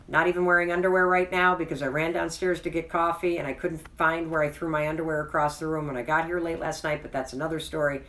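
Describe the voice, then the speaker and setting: A woman's voice: fairly low pitch, a bit bright, far from the mic. A woman hosting her own video, telling a personal story in a frank, chatty, self-deprecating way and closing with an earnest, reassuring pep talk. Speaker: host. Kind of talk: candid personal storytelling to camera.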